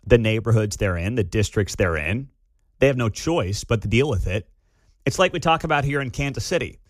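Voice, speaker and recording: On a talk radio show, a male host offers lively, sarcastic commentary from the studio. His mid-range voice is captured on a studio microphone with no room sound.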